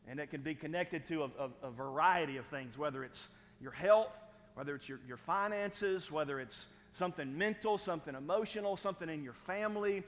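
A man's voice: a little high, fairly quick, a bit bright. A man preaching a sermon as pastor, conversational and folksy, with frequent "right?" asides and chuckles. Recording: long hall reverb.

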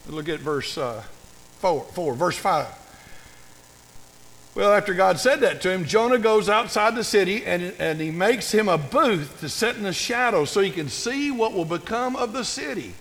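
An older male pastor preaching a sermon with a high-pitched voice and a gravelly rasp. He tells folksy, humorous stories and animates them as he goes, and his voice carries a long reverb through a big hall. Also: expressive, moderate pace, a bit bright.

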